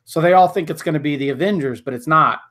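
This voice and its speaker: Podcast co-host, male, slightly higher voice, blunt and swears freely in casual chat. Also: fast talker, fairly bright tone. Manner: blunt, profane, opinionated.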